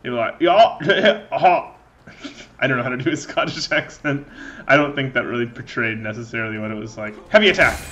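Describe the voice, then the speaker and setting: Bright-voiced man rambling through gameplay. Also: medium pitch, little pitch movement, fast, muffled recording, a little hiss or hum. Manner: rambling, joking, loses his train of thought. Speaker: gaming channel host. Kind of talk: let's play commentary.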